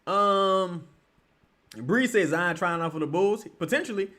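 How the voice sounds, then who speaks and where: A man giving live, profane watch-along commentary on a basketball game, breaking into yells at the referees. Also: high voice, animated, a little slow. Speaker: sports streamer.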